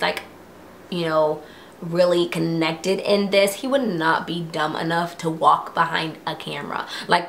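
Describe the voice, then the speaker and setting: A young woman recapping a TV episode in casual chat, acting out quotes in high voices. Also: a bit bright, slight background noise.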